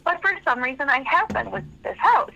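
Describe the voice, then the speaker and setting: A woman's voice: high voice, animated, a little fast, pushed and bright. A woman calling in to a radio show, telling a story in a rambling, frank way with lots of fillers. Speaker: caller. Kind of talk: telling a story on a phone call. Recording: tinny phone line.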